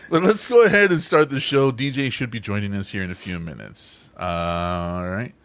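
A man's voice: fairly low pitch, normal speed, clear, resonant tone, dry recording. A man hosting a casual podcast, telling stories with lots of swearing and acting out what people said. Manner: animated storyteller, swears often, acts out quoted voices. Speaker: podcast host.

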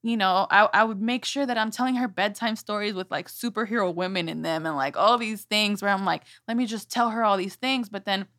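A young woman, a mother, telling personal stories in a casual interview, animated and quick to act out her own words. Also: medium pitch. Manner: animated, quotes herself in lively voices. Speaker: guest, mother and church speaker.

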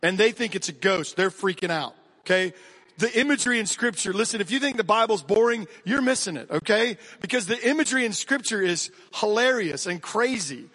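An American man preaches a lively sermon in a fairly high voice, chatting straight at his listeners between points. His words ring out with a long reverb tail, as if spoken in a large hall. The delivery swings between quick bursts and slow, stressed phrases. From United States. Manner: energetic, conversational preaching with direct asides to the congregation. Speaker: pastor.

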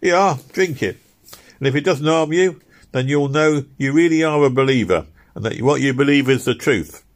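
A man's voice: fairly high pitch, normal speed, pitched above the performer's own voice, lightly acted. A man doing a scornful young heckler. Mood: mocking. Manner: scornful, challenging. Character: mocking young male unbeliever, well-dressed.

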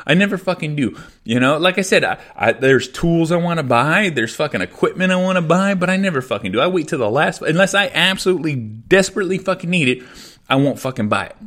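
Frustrated solo podcast host, swears constantly and runs himself down; slightly higher male voice. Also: expressive, quick pace, fairly bright tone. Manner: profane and venting, self-deprecating. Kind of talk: solo rant.

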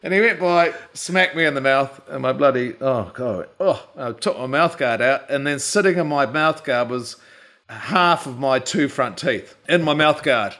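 A man's voice: mid-range voice, moderate pace. Older New Zealand man telling a story. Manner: lively storyteller who acts out quotes and laughs. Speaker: guest, former rugby captain. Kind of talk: animated anecdote telling.

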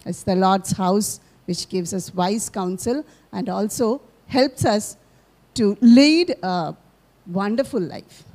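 A woman speaks earnestly in front of her church, giving a testimony full of gratitude. Her voice sits at a moderate, everyday pitch, and she speaks as a mother sharing her own experience. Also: darkish tone. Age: adult with children. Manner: earnest and grateful.

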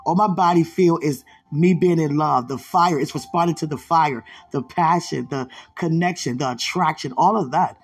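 A man speaking an emotional monologue to a loved one, laughing and at times dropping into hushed murmurs. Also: on the high side, moderate pace, few pauses, slightly rough.

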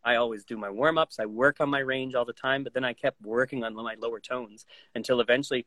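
This voice actor guest talks fast at medium pitch with hardly any pauses, and the recording has no echo. Chatting casually in the interview, he's animated and keeps jumping into impressions and character voices mid-sentence.

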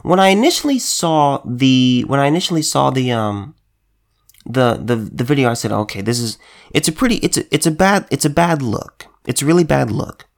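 A political commentator with a medium-pitched, creaky, expressive voice delivers a heated, emphatic monologue at a moderate pace. He keeps repeating himself and stumbling into restarts as he goes.

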